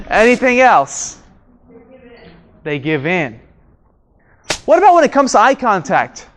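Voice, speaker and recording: A man's voice: sits high, sing-song, slow pace, long pauses, a bit bright. Man teaching a live workshop. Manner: questions the room, repeats key words. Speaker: communication trainer. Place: training room with audience.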